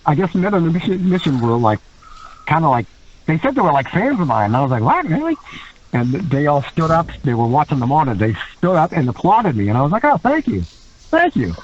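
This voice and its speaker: Man, guest storyteller, fairly high voice, lively swooping pitch, laughs a lot, dull recording. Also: quick pace. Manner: animated, laughs often, acts out quotes in other voices. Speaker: guest wrestler. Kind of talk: casual storytelling.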